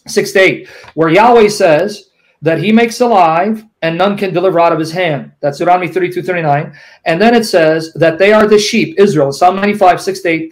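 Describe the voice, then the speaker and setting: A man debating theology, quoting scripture rapidly and pressing his opponent with pointed questions. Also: high voice, poor audio.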